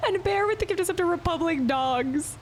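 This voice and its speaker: A woman's voice: very high voice, expressive, brisk, a little hiss or hum. A young woman streaming a game, chatting, giggling and reading out chat as she plays. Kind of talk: live gameplay commentary.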